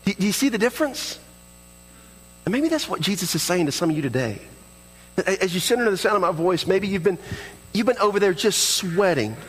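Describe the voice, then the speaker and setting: Male pastor giving an earnest sermon, kinda high voice, big echoey church sound. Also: husky. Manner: earnest, acts out prayers and dialogue in shifting pitch.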